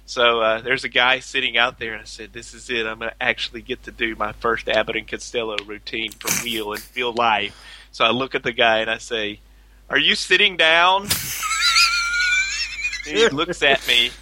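A man's voice: medium pitch, a little fast, background noise. A man guesting on a casual podcast, telling funny stories from his pharmacy job, laughing often and acting out what people said. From Louisiana. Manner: animated, laughs often, acts out quotes. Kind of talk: casual podcast chat, storytelling.

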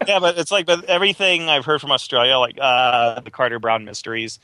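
A man co-hosting a casual film podcast, chatty and quick to laugh. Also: mid-range voice, steady tone, sharp tone, no room sound. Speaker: podcast co-host.

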